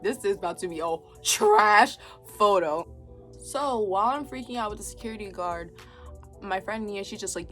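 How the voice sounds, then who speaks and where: A young woman vlogger telling a storytime story in a lively, chatty way, acting out what everyone said and filling her talk with "like". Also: mid-range voice. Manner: animated storytelling, acts out quotes, heavy use of 'like'. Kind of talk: storytime vlog.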